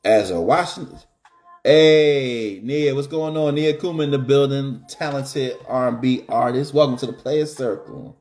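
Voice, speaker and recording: A man's voice: medium pitch, measured pace, darkish tone, faint music behind. A middle-aged man hosting a live stream, joking in slangy casual chat.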